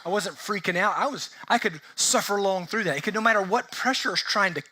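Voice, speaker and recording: A man's voice: sits high, a little fast, bright, forceful tone. A man preaching a sermon as pastor, talking conversationally, acting out little quoted exchanges and putting questions to the congregation. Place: church sanctuary.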